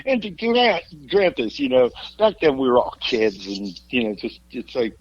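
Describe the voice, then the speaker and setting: Raucous, laughing rock singer telling tales. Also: male voice, medium pitch, wildly swooping pitch, normal speed, dull audio. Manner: laughs through his stories, swears freely, cracks jokes. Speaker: rock singer and podcast guest. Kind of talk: raucous storytelling in casual chat.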